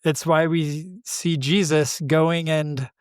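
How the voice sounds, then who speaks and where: A man co-hosts a reflective spiritual conversation. His voice sits a touch higher than most men's, and he speaks thoughtfully, pausing often. The recording is close and dry. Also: fairly even intonation, clear, resonant tone, dry recording. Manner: thoughtful, unhurried, frequent "uh" pauses. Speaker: podcast co-host.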